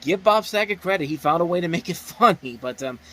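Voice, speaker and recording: A man's voice: high-pitched, expressive, brisk, a bit bright, slight background noise, poor audio. A man giving a casual spoken movie review, enthusiastic and rambling, often restarting his sentences.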